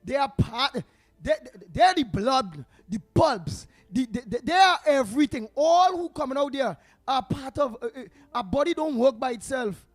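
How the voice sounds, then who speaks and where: High-voiced Trinidadian man, rousing host. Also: expressive, normal speed, no room sound. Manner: rousing, emphatic, builds to shouts. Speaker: talk show host. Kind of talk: live radio call-in talk.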